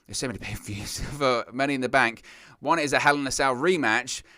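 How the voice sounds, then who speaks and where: Hosting a wrestling news show, a man rants in a brisk, mid-range voice with no room sound. He comes across casual, opinionated, exasperated and animated.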